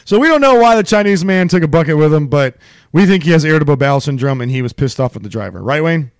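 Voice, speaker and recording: Guy on a comedy podcast, laughs a lot, bouncy pitch, dry close sound. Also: lively intonation, quick pace, smooth, no echo. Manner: laughs a lot, stumbles over names. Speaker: podcast co-host. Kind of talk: casual comedy podcast chat.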